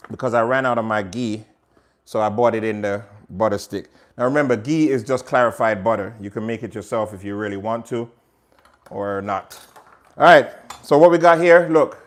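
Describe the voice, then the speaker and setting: A man's voice: medium pitch, moderate pace. A man with a Jamaican accent hosting a casual cooking demonstration in a home kitchen, chatting straight to viewers as he works. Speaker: cooking show host.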